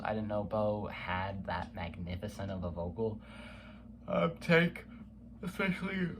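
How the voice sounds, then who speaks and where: A young music reviewer with a lowish voice casually counts down his favorite songs, humming and scatting bits of the music. He's enthusiastic and uses lots of fillers, and there's background noise behind him.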